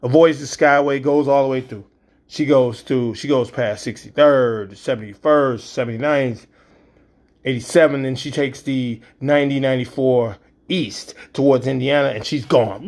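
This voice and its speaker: A man's voice: mid-range voice, moderate pace, darkish tone. A man in his fifties telling a spoken-word story, vivid, acting out sounds and quoting dialogue. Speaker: storyteller and poet.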